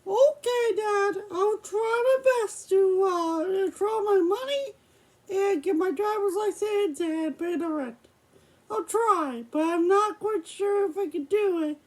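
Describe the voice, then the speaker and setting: A high-voiced, sheepish puppet son hems and haws in a homemade puppet show, voiced by a young woman. He talks slowly and keeps stumbling over fillers. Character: hesitant grown son of the mouse dad, sheepish.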